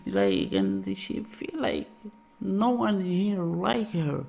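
Man, reaction host, slow halting speech, raspy, dull lo-fi sound. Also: high-pitched, wildly swooping pitch, darkish tone. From Algeria. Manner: halting, restarting words, often laughing. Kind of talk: casual reaction vlog.

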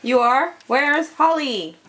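A young woman vlogging casually about her day with friends, bubbly and giggly. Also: slow pace. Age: young adult. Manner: bubbly, giggly, high and lively. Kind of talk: casual vlog chat. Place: student flat, indoors and around town. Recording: loud background music.

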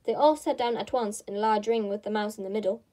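A woman reading a storybook aloud in a gentle manner, with small slips. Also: medium pitch, fast talker. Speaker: storybook reader.

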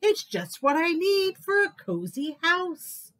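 A woman's voice: extremely high pitch, very animated, takes it slowly, a bit bright, pitched above the performer's own voice, exaggerated voice. A woman voicing a pleased female snail in a children's storybook, with delighted exclamations.

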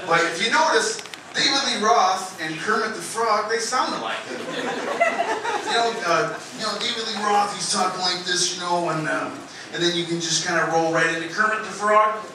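A man performing a stand-up comedy set in a club, telling stories in a rambling, halting way with many fillers. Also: high-pitched, a loud crowd. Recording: echoey club, distant mic, noisy.

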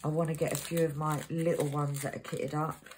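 Lady with a low voice rambling on about her crafts, loud crinkly packets behind her. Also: flat delivery, brisk, noisy background. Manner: rambling, chatty, reads out codes while working. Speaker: crafting channel host. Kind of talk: casual crafting chat.

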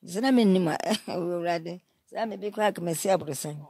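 A woman in her nineties from Ghana, telling her life story in an interview and giving advice with lively quoted speech. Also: lowish voice, quick pace, gravelly, breathy edge, no echo, clean studio sound. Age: 90s. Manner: animated, advising, acts out quoted speech.

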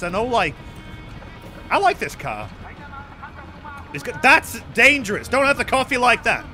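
A man's voice: very high-pitched, very animated, unhurried, long pauses, bright, forceful tone, soft background music. A young man streaming a video game with rambling, joking, profane commentary. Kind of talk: casual gameplay commentary.

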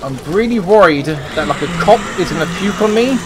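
A man's voice: high-pitched, lively intonation, a little fast, background noise. A man playing a survival game, talking to himself and swearing constantly as he panics. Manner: swears a lot, talks to himself while playing. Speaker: gameplay streamer.

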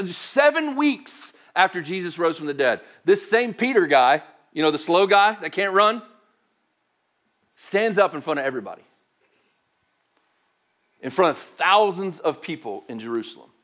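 A male pastor giving a casual, joking sermon that is full of fillers like "like". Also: a little high. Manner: animated, joking, heavy use of "like".

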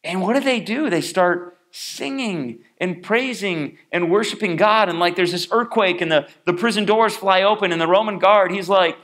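A man preaching a sermon, telling a personal story in a chatty, animated way and acting out the scenes. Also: high-pitched, moderate pace, few pauses. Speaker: pastor.

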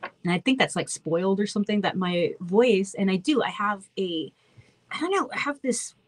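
A woman's voice: medium pitch, normal speed, dry recording, low-quality recording. Chatty woman with a childlike voice. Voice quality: childlike, slightly babyish voice. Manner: chatty, warm-hearted, rambling with self-interruptions. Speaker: host of a virtual meet and greet. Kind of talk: casual chat with fans. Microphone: phone.

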